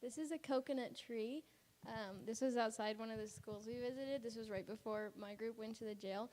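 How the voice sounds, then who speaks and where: A woman's voice: fairly high pitch, moderate pace, a little mellow. Chatty woman presenting in a church hall. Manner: chatty, laughing often. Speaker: mission trip presenter. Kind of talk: casual slideshow presentation. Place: church sanctuary.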